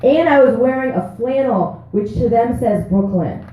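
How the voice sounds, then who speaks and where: A woman's voice: on the high side, lively intonation, normal speed, slight background noise. A woman in her thirties doing a profane, brash stand-up set at an open mic. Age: 30s. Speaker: stand-up comic. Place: small comedy club stage. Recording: echoey room on a tinny, phone-like recording.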